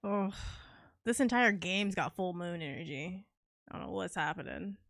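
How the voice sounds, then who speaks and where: A woman's voice: lowish voice, expressive, moderate pace, fairly bright tone, no room sound, studio quality. A young woman streaming a cozy game, chatting casually with her viewers and teammates, playful and laughing often. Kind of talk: casual live-stream chat while gaming.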